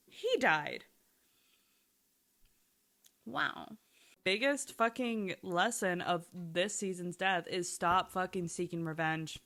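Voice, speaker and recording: A young woman chatting casually about a TV show, animated and swearing often, speaking in quick bursts. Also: mid-range voice. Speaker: TV recap vlogger. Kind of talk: casual chat.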